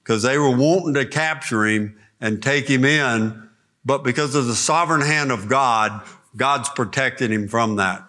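A man preaching an expository Bible lesson in an earnest, emphatic way, pausing to pray. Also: mid-range voice, sharp tone. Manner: earnest, emphatic teaching with spoken prayer. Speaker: pastor teaching a Bible study.

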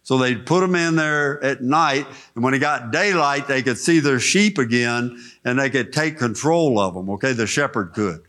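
A man's voice: medium pitch, normal speed, hardly any pauses, a bit bright. A middle-aged man preaching a sermon in an auditorium, folksy and conversational, telling personal stories. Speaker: preacher and director of chaplaincy.

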